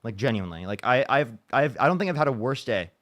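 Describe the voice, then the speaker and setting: Streamer host, male, rapid frustrated chatter, swears and restarts a lot. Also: medium pitch, expressive, a bit bright. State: upset after a bad day. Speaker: livestream debate host. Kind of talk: casual livestream chat.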